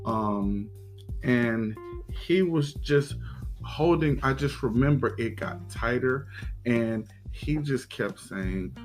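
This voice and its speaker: A man hosting a podcast, telling a personal story in a halting, reflective way, with many pauses and restarts. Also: medium pitch, faint music behind, low-quality recording. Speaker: podcast host.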